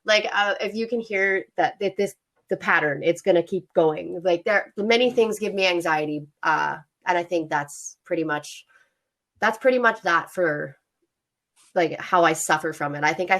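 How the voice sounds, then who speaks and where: Chatty woman, low voice, lots of laughs. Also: animated, normal speed, a bit bright. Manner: chatty, laughs often, many fillers. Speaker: podcast co-host. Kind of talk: casual podcast chat.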